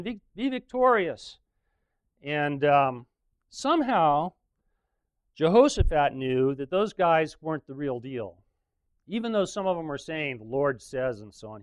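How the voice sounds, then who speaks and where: A man's voice: fairly high pitch, animated, moderate pace, smooth, dry recording. A man preaching in a casual, joking way, retelling a story with frequent chuckles.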